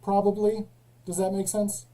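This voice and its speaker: A man's voice: high-pitched, completely flat delivery, moderate pace, dark tone, low-quality recording. A man hosting a live call-in stream, questioning callers in a dry, sarcastic way. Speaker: livestream host. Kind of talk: casual live call-in chat.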